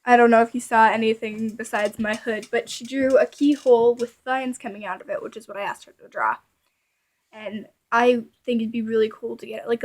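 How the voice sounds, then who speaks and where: Chatty rambling young woman vlogger. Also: a little high. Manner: chatty, rambling, lots of filler words. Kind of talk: rambling casual vlog chat.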